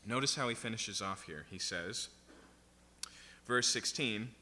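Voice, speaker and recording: A pastor delivers an expository sermon from the pulpit, speaking emphatically and often asking the congregation "right?" and "okay?" His voice sits on the low side, unhurried, strained and bright. A large hall's long reverb surrounds him, along with a slight hiss or hum.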